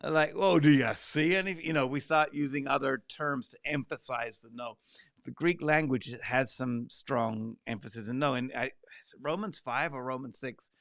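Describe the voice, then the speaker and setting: A man leading a conversational Bible study. He is animated and breaks into quoted lines and side remarks. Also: medium pitch, moderate pace, dry recording, studio quality.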